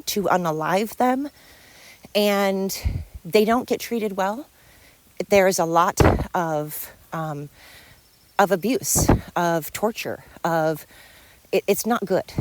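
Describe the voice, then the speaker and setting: A woman's voice: mid-range voice, dry recording. A woman hosting a solo podcast, talking in a rambling, heated way, tired and stumbling over her words. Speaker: podcast host. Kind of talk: casual solo podcast monologue.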